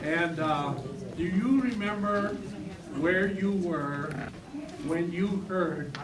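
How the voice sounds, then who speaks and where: A man speaking haltingly, with fillers. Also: high-pitched, a crowd in the background. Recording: echoey hall from far off, loud noise.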